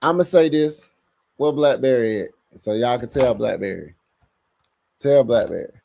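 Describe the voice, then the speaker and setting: A man hosting a casual live sports podcast, reading the chat aloud and talking back to it with lively bursts of emphasis. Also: medium pitch, normal speed, vocal fry, dry recording. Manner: animated, talks to chat, bursts of louder emphasis.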